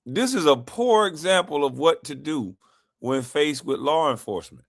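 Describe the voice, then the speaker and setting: A man's voice: fairly high pitch, lively intonation, moderate pace, no room sound, studio quality. A man hosting a live stream, giving loose, laughing, ranting commentary.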